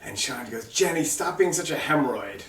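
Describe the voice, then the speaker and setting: Middle-aged New son, roomy and distant. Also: male voice, medium pitch, brisk, a crowd in the background. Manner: relaxed, wry storyteller who trails off and laughs. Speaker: son interviewing his mother. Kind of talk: casual family storytelling. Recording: roomy sound from far off the mic.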